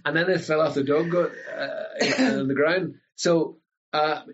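A man with an Ulster Scots accent tells stories in easy conversation, slipping into the voices of the people in them. His voice is husky, and the recording sounds dull and lo-fi. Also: on the high side, unhurried. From Northern Ireland. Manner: animated storyteller who acts out family voices. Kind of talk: casual storytelling chat.

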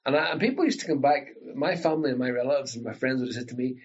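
A man from Northern Ireland with an Ulster Scots accent, chatting casually and telling animated stories. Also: mid-range voice, rapid-fire, slightly rough, muffled recording. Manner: animated storyteller, breaks into local voices. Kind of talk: casual chat.

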